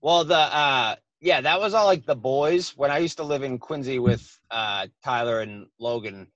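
Here a comedian guest in his 20s chats on a podcast in a medium-pitched, fairly bright voice at a moderate pace, with no room sound. His thick accent, heavy swearing, and endless "like"s make it a rambling, casual talk. The recording comes across dull and lo-fi in a dead, dry space.

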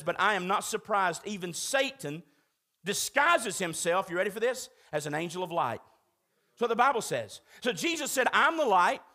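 A male pastor with a strikingly high, bright voice delivers an urgent, emphatic sermon in a church. He presses his points again and again and keeps calling out to the congregation for a response. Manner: emphatic preaching, urgent and repetitive, calls out to congregation.

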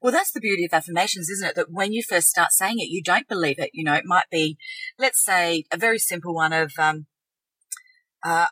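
A woman's voice: lowish voice, fairly quick, sharp tone, slightly rough, no room sound, poor audio. A woman co-hosting a casual spiritual podcast, acting out affirmations in shifting tones. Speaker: podcast co-host.

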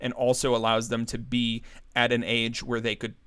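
Casual podcast co-host, male, animated storyteller who laughs a lot and jumps up in pitch for quoted lines. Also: normal speed, smooth. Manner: animated, laughs often, acts out characters' lines in a raised voice. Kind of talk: casual chat recapping a comic story.

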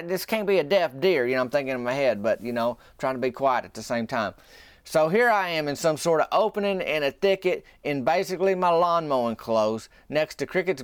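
A man's voice: mid-range voice, no echo. A man hosting a podcast, telling a rambling, folksy story in a casual way. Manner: folksy, rambling, drops into a whisper at times. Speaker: podcast host.

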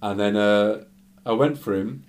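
A man casually telling a story, animated and full of fillers. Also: lowish voice, unhurried.

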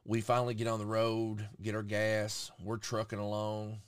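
A man's voice: lowish voice, normal speed, clear, resonant tone, dry recording. A man hosting a podcast, casually telling a profane story and acting out what people said. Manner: profane, animated storyteller who acts out quotes. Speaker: podcast host.

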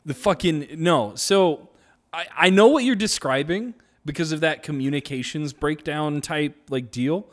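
A young man co-hosting a casual comedy podcast, animated and acting out quotes in exaggerated voices. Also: fairly high pitch, unhurried. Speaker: podcast co-host.

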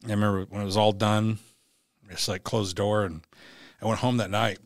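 A middle-aged man with a lowish voice recounts a painful chapter of his life in a podcast interview. He talks bluntly, swears, and restarts his sentences as he searches for words. The sound is close and dry, with no room echo. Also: level tone, fairly quick. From United States. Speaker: podcast guest. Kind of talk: emotional personal storytelling.

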